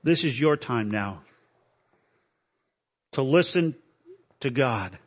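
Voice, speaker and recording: A male preacher delivering a dramatic sermon at a church service, with emotional, pleading lines that climb high. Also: expressive, slow, husky. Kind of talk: dramatic sermon with recited poem.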